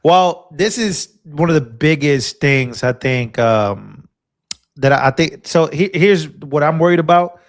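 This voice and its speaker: A man's voice: a little high, expressive, measured pace. A man co-hosting a live stream, reading breaking headlines aloud with hesitant fillers and restarts. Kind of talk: casual live-stream news chat.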